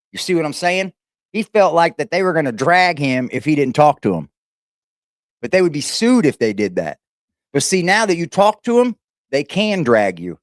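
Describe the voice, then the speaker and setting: A man's voice: a little high, no echo, studio quality. A man hosting a reaction livestream, talking casually in a rambling, repetitive and emphatic way, with some swearing.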